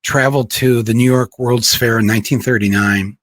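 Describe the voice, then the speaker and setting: Male host, relaxed and reflective, dry close mic. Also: medium pitch, fairly quick, no echo. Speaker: podcast host. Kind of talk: casual conversation.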